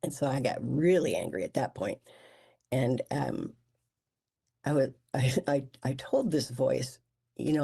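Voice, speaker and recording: A guest telling a personal near-death story in a halting way, with many restarts and stammers. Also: medium pitch, vocal fry, warm tone, husky.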